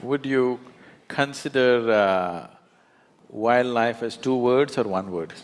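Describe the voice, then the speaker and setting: A man's voice: medium pitch, slow. A man, a spiritual teacher speaking emphatically onstage, often laughing as he tells stories. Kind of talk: onstage conversation. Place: large auditorium.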